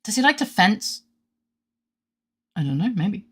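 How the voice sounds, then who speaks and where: A woman's voice: medium pitch, big pitch swings, unhurried, fairly bright tone, husky. A woman streaming a game, joking casually with her chat and reading game lines aloud between giggles. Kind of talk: casual gaming stream commentary.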